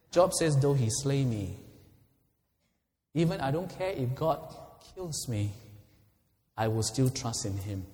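A man preaching a sermon as pastor, impassioned, swinging from quiet to loud. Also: medium pitch. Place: church hall. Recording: long reverb of a large hall.

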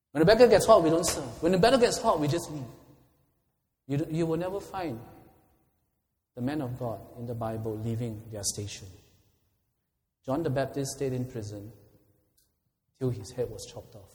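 A man preaching a sermon as pastor, impassioned, swinging from quiet to loud. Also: medium pitch. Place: church hall. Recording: long reverb of a large hall.

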